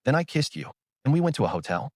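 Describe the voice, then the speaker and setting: A man's voice: on the high side, sing-song, fast talker, gravelly, no room sound, studio quality, pitched above the performer's own voice, exaggerated voice. Teasing young woman, voiced by a man. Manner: sweet and playful.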